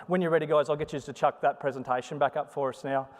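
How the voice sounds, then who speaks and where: A man's voice: on the high side, fast. A man giving a chatty, joking conference talk in a sing-song way. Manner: chatty, joking, animated delivery. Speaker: conference presenter. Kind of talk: live conference talk with demo. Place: conference hall. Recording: long hall reverb.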